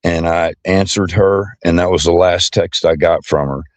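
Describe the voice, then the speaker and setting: Male interview guest, very low voice, hesitant, lots of ums, dry close sound. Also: fairly even intonation, normal speed, dry recording. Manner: hesitant, with many ums and uhs. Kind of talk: casual conversational interview.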